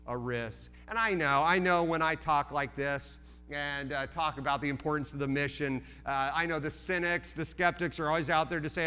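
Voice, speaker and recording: Bright, high-voiced male preacher. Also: steady tone, normal speed, smooth. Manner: earnest, repeats words, many restarts and fillers. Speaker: pastor. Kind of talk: sermon.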